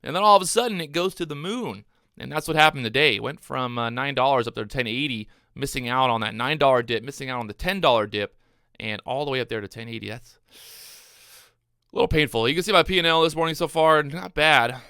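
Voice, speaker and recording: Bright, excitable man narrating trades. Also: medium pitch, quick pace, clear, resonant tone, no room sound, studio quality. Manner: excitable, repeats phrases, talks to viewers. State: out of breath, hyped up. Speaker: day trader streaming his trades. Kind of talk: live trading commentary.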